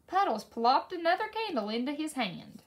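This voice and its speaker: A woman reading a children's story aloud in a slow, expressive way. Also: a little hiss or hum. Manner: slow, expressive read-aloud with lively pitch. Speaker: story reader.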